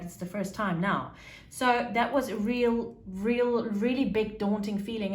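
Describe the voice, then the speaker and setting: A woman reads tarot cards to her viewers in an emotional, halting way, often breaking off to restart her sentences. Her voice sits at an ordinary middle pitch. The room around her is noticeably echoey. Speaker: tarot reader. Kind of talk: casual tarot reading.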